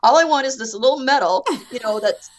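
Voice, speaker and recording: A woman's voice: fairly high pitch, brisk. A Canadian woman guest on a podcast, chatting and telling stories with frequent fillers. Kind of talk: casual podcast chat.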